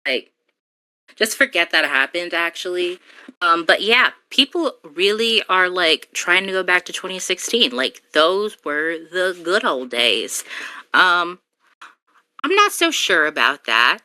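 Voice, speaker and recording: A woman hosting a podcast in casual chat, talking with lots of "like" fillers and animated asides. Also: fairly low pitch, unhurried. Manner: chatty, heavy use of "like", animated asides. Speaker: podcast host.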